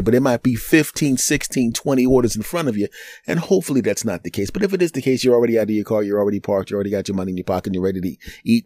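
A middle-aged man, a podcast host and comedian, telling a story in an animated, chatty way with chuckling asides. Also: on the low side, dry recording. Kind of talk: storytelling monologue.

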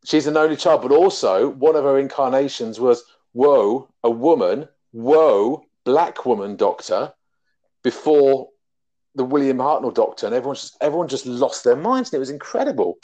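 A man's voice: medium pitch, lively intonation, brisk, dark tone. A man hosting a casual geek chat podcast, talking animatedly and laughing often. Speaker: podcast host. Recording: dull lo-fi sound.

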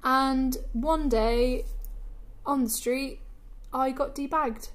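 A woman's voice: sits high, steady tone, takes it slowly, a little hiss or hum. A woman co-hosting a casual comedic chat podcast, joking in a dry, mock-earnest way. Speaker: podcast co-host.

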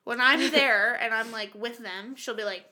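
A woman telling animated, profanity-laced stories in a casual chat among friends. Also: a little high, normal speed. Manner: animated storyteller, swears a lot.

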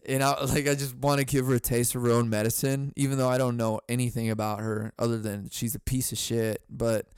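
A man's voice: medium pitch, flat delivery, a little fast, few pauses, clear, resonant tone, dry recording, clean studio sound. A young man hosting a solo comedy podcast, telling rambling stories full of swearing. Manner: profane rambling storytelling. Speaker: podcast host.

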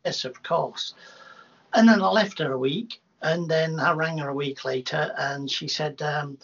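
A man, a hypnotherapist, telling rambling, animated anecdotes in a casual interview, with many restarts. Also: fairly high pitch, measured pace, breathy edge. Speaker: hypnotherapist guest. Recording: dull lo-fi sound.

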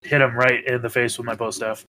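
A man's voice: mid-range voice, flat delivery, brisk, pushed and bright, slight background noise. A man playing a tabletop game, explaining his actions in a matter-of-fact way. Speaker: player. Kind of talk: casual game chat.

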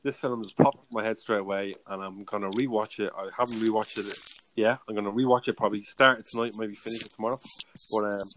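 A man hosting a casual podcast chat, chatty and quick to laugh. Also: lowish voice, fairly even intonation, a bit bright, a little hiss or hum. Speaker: podcast host.

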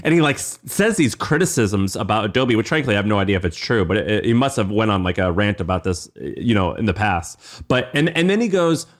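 A man co-hosting a podcast in casual chat, excitedly retelling what he heard, with lots of stumbling restarts. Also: lowish voice, a little fast, hardly any pauses. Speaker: podcast co-host.

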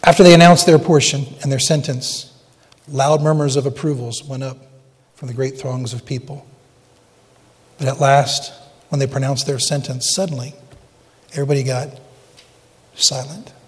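A man preaching a sermon as pastor, earnest and dramatic, dropping to hushed tones at times. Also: medium pitch, steady tone, moderate pace, long pauses, big-room sound.

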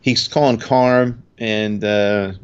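A man's voice: fairly low pitch, steady tone, slow, smooth, dull audio. A man casually recapping a TV episode in a podcast chat, rambling with fillers and acting out quotes.

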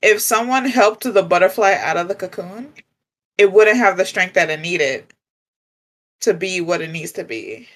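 A woman co-hosting a casual spiritual chat, talking in a gentle, reflective way and laughing often. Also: on the low side, lively intonation, moderate pace. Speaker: podcast co-host.

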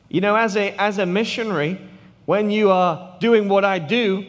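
A British missionary in his thirties preaches to a congregation, with a voice that sits a bit higher than most men's. He tells his stories in a lively way, then drops to hushed tones for effect. The sound carries a long reverb from the church hall. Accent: British English. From England. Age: 30s. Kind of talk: sermon.

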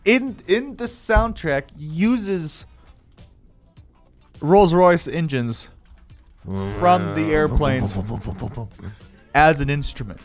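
Man, casual podcast chat, fairly high voice, eager, laughs a lot, faint music behind. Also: expressive, drawn-out words, pauses often. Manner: enthusiastic, laughs often. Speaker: podcast co-host.

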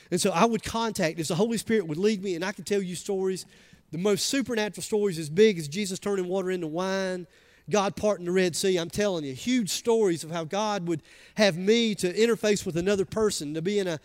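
A pastor from the American South preaches with a high voice and Southern US accent, chatting with his congregation and shifting between soft asides and loud, emphatic lines.

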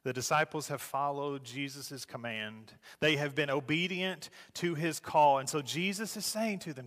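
A man preaching a sermon as a pastor, moving between loud urging and soft, slow phrases. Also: fairly high pitch, in a large hall.

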